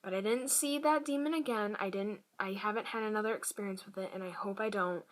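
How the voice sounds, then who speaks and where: A female vlogger tells a personal story straight to the camera, her mid-range voice quiet and hesitant and frequently sinking to a whisper. Fillers and false starts crop up throughout.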